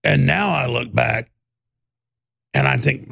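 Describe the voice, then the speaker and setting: A male radio talk show host, ranting in a heated monologue with stammered restarts and bursts of shouting. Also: medium pitch, lively intonation, slow, no echo, studio quality. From Texas. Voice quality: gravelly.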